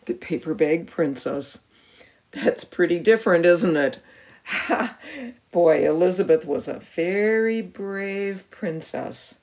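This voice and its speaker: Animated woman reading a picture book aloud. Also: lowish voice, slow. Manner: animated, gasping, asking the listener questions. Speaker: storyteller reading to a child.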